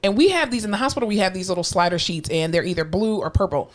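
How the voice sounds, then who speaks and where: A woman co-hosting a podcast tells a work story in relaxed, casual conversation at a fast pace and medium pitch. She swears now and then and acts out the voices of the people she quotes.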